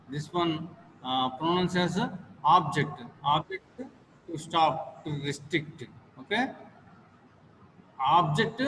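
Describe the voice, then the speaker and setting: A man with an Indian English accent teaching a class on word stress, slow and repetitive, with many fillers. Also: on the high side, fairly bright tone, a little hiss or hum. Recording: long hall reverb, faint ambience.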